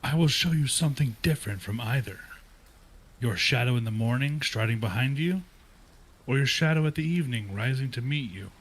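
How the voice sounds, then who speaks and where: A hushed, otherworldly voice reciting verse, as a male reader puts it on, husky and breathy in tone. It comes quick and soft, a little higher than his normal reading voice. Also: lively intonation. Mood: ominous. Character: eerie distant voice reciting a poem.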